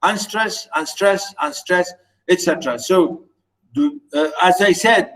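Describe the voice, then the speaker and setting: A man's voice: sits high, unhurried, fairly bright tone, poor audio. A male teacher giving an online literature lesson, patiently repeating words and chanting stress patterns.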